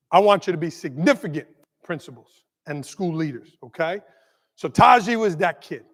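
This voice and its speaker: A man with a high, bright voice tells a story from the keynote stage, animated and quick to check in with the crowd. His voice rings out with a long reverb tail from a big conference hall. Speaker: keynote speaker, school leader.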